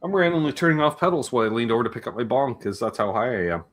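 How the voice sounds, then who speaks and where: A man's voice: medium pitch, expressive, very fast, heavy background noise. A man with a Canadian accent hosting a casual chat, rambling and jokey with plenty of swearing. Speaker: host. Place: home music room with guitar pedals.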